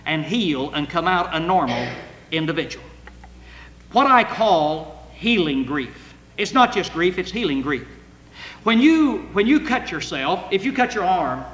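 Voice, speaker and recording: An older man preaching a sermon with earnest emotion, at times rising to loud cries as he reads scripture. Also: high-pitched. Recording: echoey hall with long reverb.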